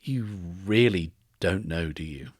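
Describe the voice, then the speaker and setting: A soft, calmly threatening stranger, as a man voices him, speaking low and unhurried in an audio tabletop game. Each word is measured and quietly incredulous, with a dry, close sound. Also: slightly rough, dry recording, full character voice. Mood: quiet menace.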